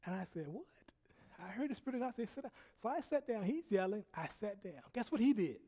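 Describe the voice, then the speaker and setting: A man preaching a sermon, telling a personal story in an animated way, laughing often and dropping from loud bursts to hushed quiet. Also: high voice, fast talker. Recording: long hall reverb.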